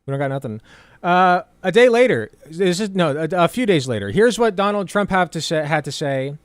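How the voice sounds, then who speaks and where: A sarcastic male political commentator who reads articles aloud and riffs on them with casual swearing. His voice sits high for a man and sounds smooth and clear. He is recorded close on a studio mic in a dry, dead room. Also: lively intonation, normal speed, no room sound.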